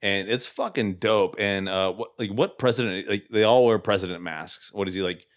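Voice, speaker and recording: A man co-hosting a casual movie podcast, swearing a lot and getting excited as he recaps scenes. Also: on the low side, moderate pace. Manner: profane, excitable, quotes scenes in raised voices. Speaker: podcast co-host.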